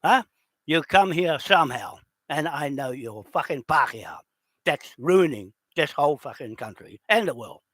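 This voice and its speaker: A man delivers a furious, cursing rant, hammering his listeners with rhetorical questions. His voice sits a little higher than most men's. The recording is dry and close, with no room sound. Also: sing-song, moderate pace, fairly bright tone, no room sound. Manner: confrontational, heavily profane, rhetorical questions. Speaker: indigenous land claimant. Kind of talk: angry direct-to-camera rant.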